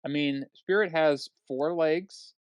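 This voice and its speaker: A man's voice: fairly high pitch, slow, smooth, no echo. A man co-hosting a casual film review chat, making wry joking quips. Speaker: podcast co-host.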